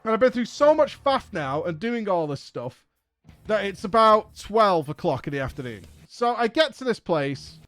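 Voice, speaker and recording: A man with a high, bright-toned voice and an English accent tells a rambling story to his viewers. His delivery is exasperated and profane, and he acts out both sides of each conversation. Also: very animated, moderate pace, soft background music. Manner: exasperated, profane anecdote with acted-out dialogue. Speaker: streamer host. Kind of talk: casual storytelling.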